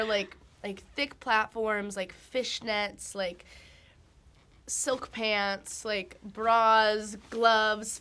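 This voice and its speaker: A woman's voice: mid-range voice, a bit bright. A woman in her twenties, a musician being interviewed, talking casually with lots of fillers, laughs and trailing thoughts. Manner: giggly, filler-heavy, trailing off. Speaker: guest musician.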